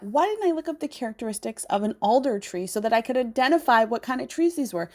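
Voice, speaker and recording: A woman's voice: on the high side, lively intonation, fast, few pauses, darkish tone. A woman in her thirties from the Pacific Northwest, rambling in a heartfelt spiritual talk and swearing casually. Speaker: spiritual channel host.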